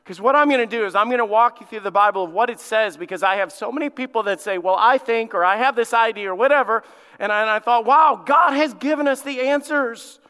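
A male lead pastor preaching a sermon, emphatic, with dramatic pauses and repetition. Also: high-pitched, bright, forceful tone, clean tone, in a large hall. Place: church sanctuary.

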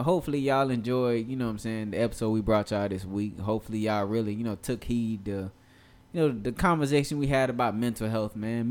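A man's voice: on the low side, a little mellow. Laid-back man hosting a podcast. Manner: laid-back, loose, swears freely, leans on "you know what I'm saying". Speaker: podcast host. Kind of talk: casual podcast chat.

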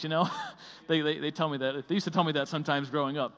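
A man's voice: on the high side, steady tone, quick pace, fairly bright tone. Man preaching in a reverberant church. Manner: conversational, with many fillers and restarts. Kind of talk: sermon.

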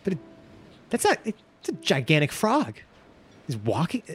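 A man's voice: a little high, wildly swooping pitch, measured pace, slightly rough. A man playing a tabletop game, joking and rambling as he talks through his moves. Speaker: player. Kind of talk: casual tabletop game play.

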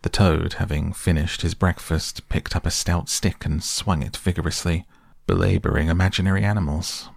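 A man reading a classic animal storybook aloud in a measured way. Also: sits low, steady tone, vocal fry, breathy edge, no echo, studio quality. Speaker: narrator.

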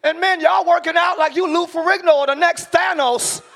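A middle-aged man preaching a sermon in a church, shouting key lines and slowing down for emphasis while joking with the congregation. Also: very high-pitched, steady tone, creaky. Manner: joking, talks directly to the congregation. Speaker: pastor. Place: church sanctuary.

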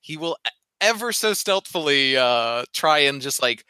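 Guy playing a tabletop game, super bright tone, dry close mic, joking around. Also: medium pitch, a little slow, clean tone, no room sound. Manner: lively, joking. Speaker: player.

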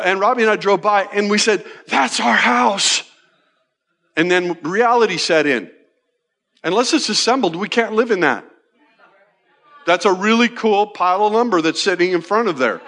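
An older man in his sixties with a notably high voice, preaching a sermon. He talks conversationally and keeps checking in with the congregation. His delivery is animated and playful. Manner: conversational, repeats "right?" often. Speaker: pastor.

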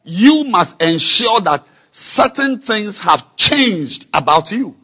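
A man preaching a sermon, slow and emphatic, repeating key words and building to loud exhortation. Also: sits high, very animated, slightly rough, muffled recording. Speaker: pastor.

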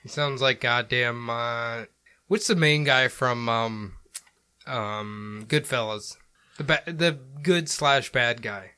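A man's voice: mid-range voice, slow pace, pushed and bright, clean tone. A man with a Midwestern accent, hosting a podcast in casual chat, playful and laughing often. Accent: American Midwest. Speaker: podcast host.

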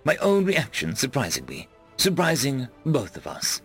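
A man narrating a web serial chapter aloud in first person, reading expressively with big dramatic swings and shouting out the dialogue. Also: mid-range voice, huge pitch swings, normal speed, slightly rough, soft background music. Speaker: audiobook narrator.

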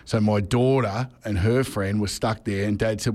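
Animated man telling a story. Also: lowish voice, moderate pace. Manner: animated, lots of tag questions. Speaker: radio co-host. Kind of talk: comic storytelling on breakfast radio.

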